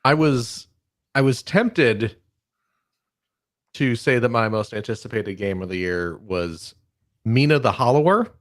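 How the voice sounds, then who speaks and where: A man's voice: mid-range voice, expressive, measured pace, pauses often. A middle-aged man co-hosting a podcast, chatting casually with dry sarcastic humor. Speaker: podcast co-host. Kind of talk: casual chat.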